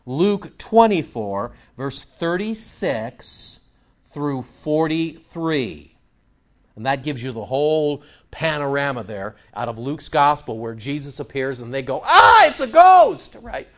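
A man preaching an expository sermon, reading scripture slowly and then explaining it conversationally. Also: mid-range voice, expressive, highs cut off. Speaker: preacher teaching the Bible.

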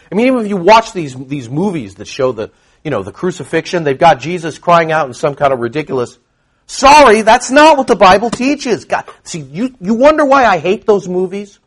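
Animated, high-pitched male preacher. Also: slightly rough. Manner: animated, emphatic preaching with rhetorical questions. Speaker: pastor. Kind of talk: sermon.

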